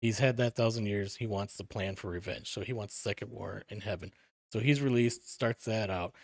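A man's voice: lowish voice, a little fast, vocal fry, no echo, clean studio sound. A man, an author guest on a podcast, laying out a backstory in casual talk with many fillers and restarts.

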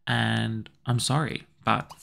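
A man's voice: fairly low pitch, level tone, slow, creaky, a bit bright, pitched below the performer's own voice, full character voice. A man voicing a greedy cheating husband who shrugs off the betrayal. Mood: gloating.

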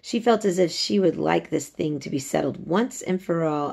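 Woman narrator reading a classic novel aloud, low and gravelly, measured delivery. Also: expressive, darkish tone. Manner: measured storytelling. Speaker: reader.

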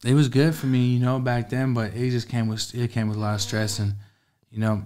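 A man's voice: medium pitch, flat delivery, a little fast, a little mellow. A man, a guest telling a casual, streetwise story full of profanity. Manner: streetwise, profane, laid-back.

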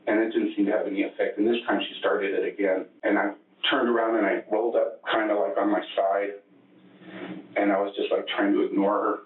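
Low-voiced man in echoey, tinny interview audio. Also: level tone. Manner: rambling, halting, many restarts. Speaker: interrogation suspect. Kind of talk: recounting events in a police interview. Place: police interview room. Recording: echoey, distant, phone-like interrogation room audio.

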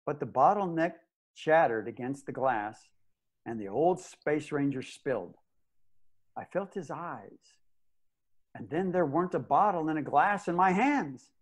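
An actor playing a stubborn old space ranger who narrates his own story in an audio drama, blunt and plainspoken. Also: a little high. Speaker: narrator and lead character.

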